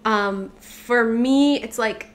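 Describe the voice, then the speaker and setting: A woman's voice: a little high, very slow. A woman co-hosting a podcast, chatting casually and frankly, swearing freely and joking around. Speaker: podcast co-host.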